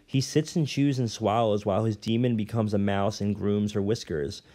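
A man reading a novel aloud at an unhurried pace, now and then stumbling and correcting himself. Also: fairly low pitch, steady tone, mellow. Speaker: reader.

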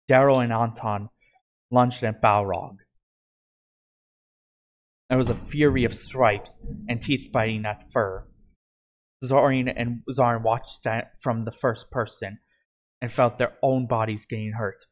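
A male storyteller reading his own fantasy story aloud, stumbling now and then and starting words over. His voice sits at a middling pitch, and the delivery is plain and unpolished. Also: fairly even intonation, a little slow. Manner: plain reading with frequent slips and restarts.

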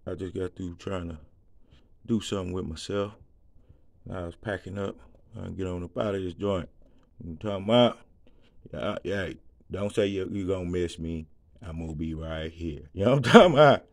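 Gravelly low-voiced man preaching casually. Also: moderate pace, pauses often. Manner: informal, repeats "you know what I'm saying"; emotional, worked up. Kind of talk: casual bible reading and prayer.

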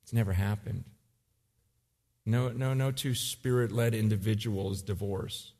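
A man in his forties preaching a sermon, acting out emotional scenes, then turning quiet and earnest. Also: on the low side, fairly even intonation, a little slow, in a large hall. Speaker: pastor.

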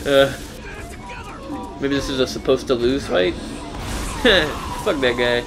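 A young man commentates a video game with a friend in casual let's-play banter, his mid-range voice slow and gravelly on a low-quality recording. He jokes, laughs often, and trails off mid-sentence.

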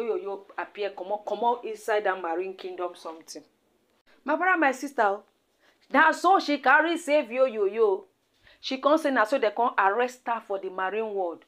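A Nigerian woman telling a celebrity gossip story in a dramatic, repetitive, exclamatory way. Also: fairly high pitch. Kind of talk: storytelling commentary in Pidgin.

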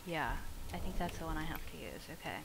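A woman streamer giving casual gameplay commentary, excitable and swearing, yelling at the game. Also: sits low, quick pace, vocal fry, a little hiss or hum.

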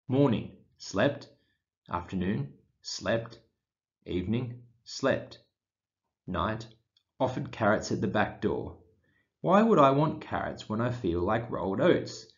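Slow, lively-voiced man reading a picture book. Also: lowish voice, muffled recording. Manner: reads in short deadpan diary fragments with pauses. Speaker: storybook reader. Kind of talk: children's picture book read-aloud.

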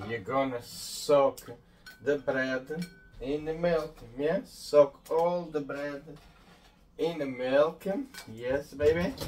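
A man hosting a cooking tutorial in his home kitchen, talking viewers through each step and ending lines with a friendly "eh?". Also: fairly high pitch. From Madeira, Portugal. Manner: friendly, tags sentences with "eh?". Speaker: home cook, video host. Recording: distant mic, faint room noise.

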